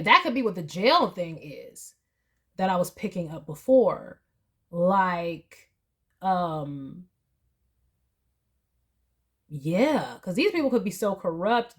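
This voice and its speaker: A woman giving a tarot reading to her viewers, talking emphatically and emotionally, acting out quoted voices. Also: fairly low pitch. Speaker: tarot reader.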